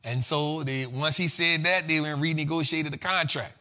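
A man hosting a casual finance show, talking in a loose, slangy, animated way and laughing often. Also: a little high, normal speed.

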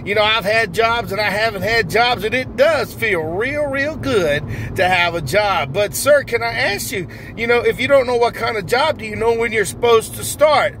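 A man's voice: high voice, expressive, normal speed, few pauses, a bit bright, slight background noise, poor audio. A man hosting a comedic mock interview, laughing often in a folksy, plain-spoken way. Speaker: comedy host posing as an interviewer.

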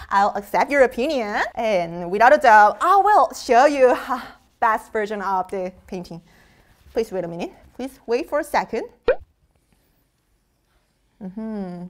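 A young woman hosting a live quiz show, bubbly and playful, laughing often between clues. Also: a little high.

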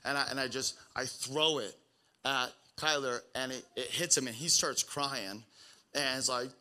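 A man's voice: medium pitch, moderate pace, pushed and bright, clean tone. A young man from the Pacific Northwest preaching a sermon in a casual, rambling way, full of fillers and restarts. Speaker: pastor.

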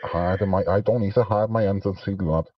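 A man's voice: sits low, fairly even intonation, quick pace, distant mic, muffled recording, crowd noise. A man mocking and taunting another guest on a livestream panel.

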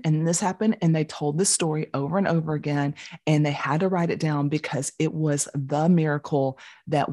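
A middle-aged woman teaching a Bible study, telling the story with animated voices for the people in it. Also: low-pitched.

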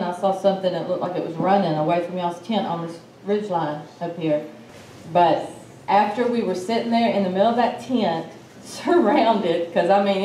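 A woman tells a story in a relaxed way and acts out the lines of the people in it. She sounds a bit far from the mic in an echoey room, with a faint hiss underneath. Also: medium pitch. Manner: animated, acts out quotes. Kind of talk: casual storytelling.

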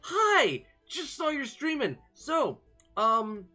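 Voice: high voice, wildly swooping pitch, slow, bright, forceful tone, faint music behind, pitched above the performer's own voice, heavily acted. A streamer voicing a sing-song pushy computer. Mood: sugary. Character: chirpy pushy home computer asking for update.

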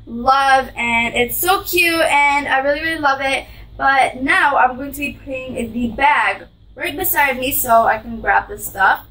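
Female vlogger for a gift unboxing: high voice, gushing and sweet, sitting a bit back from the mic. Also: a little slow, pushed and bright, distant mic, poor audio. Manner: gushing, sweet, describes each item aloud.

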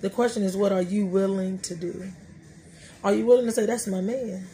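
Gravelly-voiced woman telling stories. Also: medium pitch, fairly even intonation, moderate pace, dark tone, a little hiss or hum. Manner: colloquial, storytelling, joking. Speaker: podcast host. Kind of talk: casual faith talk.

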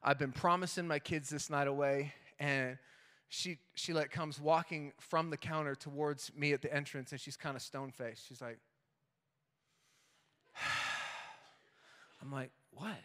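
Animated, bright-voiced pastor in a ringing hall. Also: male voice, on the high side, a little slow, pauses often, smooth. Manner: animated, self-mocking storyteller, acting out voices. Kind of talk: storytelling sermon. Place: church auditorium.

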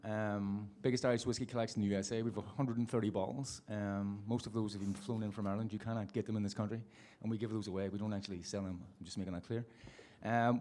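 A man's voice: lowish voice, darkish tone. A man speaking as a bar-owner guest on a live panel, self-deprecating and laughing easily.

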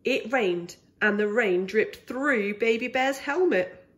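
A woman reading a children's picture book aloud for a pre-school, with expressive storytelling. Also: on the high side, slow pace.

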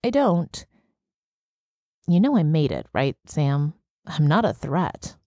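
A woman's voice: low voice, very animated, slow pace, warm tone, no room sound, clean studio sound, full character voice. A woman voicing a young man in an audiobook, speaking in an earnest, pleading, defensive way.

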